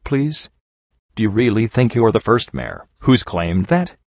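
Guy doing a smug snooty unicorn bandit boss, low dry voice, kinda muffled recording. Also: lively intonation, a little slow, no room sound. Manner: smug, sneering, condescending. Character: cocky pompous unicorn stallion bandit boss. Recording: dull lo-fi recording.

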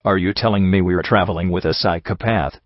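A man's voice: deep voice, brisk, no echo, dull audio, voice pushed down, close to an everyday voice. A man reading the lines of a bitter, angry young stallion in an audiobook, sarcastic and harsh.

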